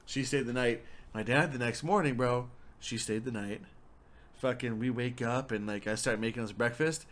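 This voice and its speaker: Young guy telling a messy story, swears constantly, gets loud and excited. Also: mid-range voice, normal speed. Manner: rambling, swears a lot, animated. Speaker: storyteller guest. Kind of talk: casual profane storytelling.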